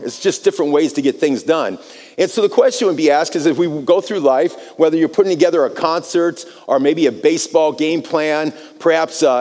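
American man, pastor, sermon storytelling, fairly high voice, long reverb of a church hall. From United States. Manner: animated storytelling, repeats words when starting phrases.

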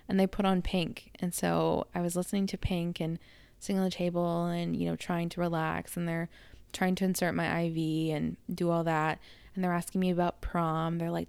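A young woman telling a personal story on her own channel in a chatty, animated way, acting out the dialogue as she goes. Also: on the low side, creaky, smooth, no echo. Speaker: vlogger. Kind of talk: casual storytelling.

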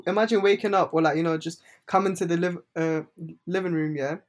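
A man's voice: on the high side, brisk. A young man, chatting casually and teasing his friends in slang. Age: young adult. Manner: animated, teasing, London slang. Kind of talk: casual chat.

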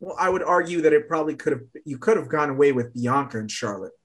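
A man co-hosting a casual wrestling podcast, excitable and quick to jump in and push back. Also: on the high side. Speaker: podcast co-host.

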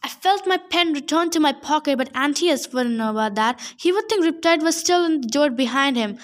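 A woman's voice: high voice, lively intonation, brisk. A woman narrating a first-person adventure story aloud, casual, with joking asides. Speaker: audiobook reader.

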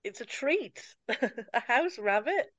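A woman's voice: on the high side, expressive, slow pace, a bit bright, no room sound. A woman co-hosting a podcast in casual chat, with dry wit and frequent laughs. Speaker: podcast co-host. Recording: dull, very dry sound.

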